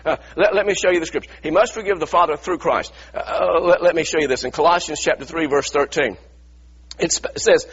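A middle-aged pastor preaching a sermon in a church, earnest and repetitive, stumbling over restarts and firing rhetorical questions. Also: male voice, a little high, fairly quick, a bit bright, husky, highs cut off.

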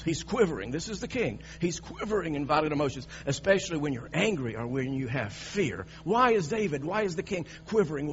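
Guy preaching a sermon, dramatic and emphatic, keeps restarting his lines, faint hum on a dull recording. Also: a little high.

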